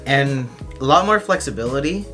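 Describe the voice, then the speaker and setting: A man's voice: medium pitch, lively intonation, moderate pace, sharp tone, faint music behind. A young man chatting casually about college, offhand and slangy, swearing freely. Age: young adult. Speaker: college student, roommate. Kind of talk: casual chat.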